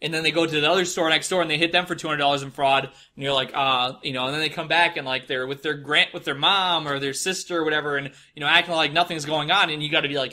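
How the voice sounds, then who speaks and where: A man's voice: a little high, steady tone, fast, few pauses, bright, forceful tone. A young man with a Midwestern American accent telling stories in a casual, profane, rambling monologue, often mocking people in put-on voices. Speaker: podcast host.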